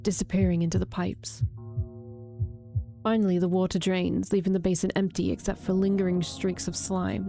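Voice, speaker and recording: A woman reading a horror visual novel aloud, drawing out the grisly parts slowly with brief reactions. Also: on the low side, warm tone. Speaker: streamer reading a game aloud.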